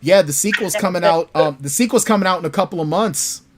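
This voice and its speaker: Male author guest on a video call, lively teller, slightly high pitch. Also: quick pace, a little hiss or hum. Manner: animated storyteller, repeats words. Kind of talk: casual interview chat. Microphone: remote call microphone.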